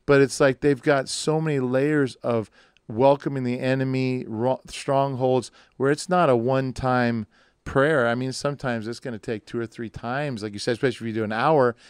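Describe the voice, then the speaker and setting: A man's voice: mid-range voice, fairly even intonation, normal speed, clear, resonant tone, dry recording, clean studio sound. A pastor talking in a rambling, joking way on a conversation podcast, acting out the people he quotes. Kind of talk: casual conversation. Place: studio.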